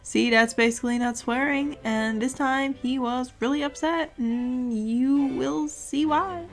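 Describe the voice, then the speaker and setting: A woman's voice: high-pitched, steady tone, a little slow, hardly any pauses, soft background music. A young woman reading a fan story aloud with dramatic delivery and sarcastic, exasperated asides. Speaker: host reading a fanfic aloud.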